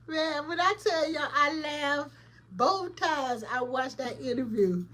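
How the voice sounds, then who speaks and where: A woman's voice: high voice, takes it slowly, a bit bright. A woman hosting a casual commentary vlog, chatty and opinionated, talking straight to her viewers with colloquial emphasis. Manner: chatty, opinionated, laughs often, addresses viewers directly. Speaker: host.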